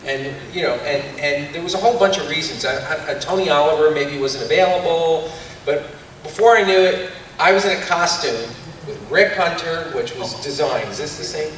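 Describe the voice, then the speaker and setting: A man on a convention panel, telling lively anecdotes with laughs, heard from far off in an echoey hall. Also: a little high, normal speed, a little hiss or hum. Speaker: voice actor panelist.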